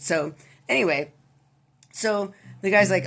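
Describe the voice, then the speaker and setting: A woman's voice: fairly low pitch, takes it slowly, vocal fry, pauses often, soft background music. Profane woman telling a joke. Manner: profane, animated storytelling.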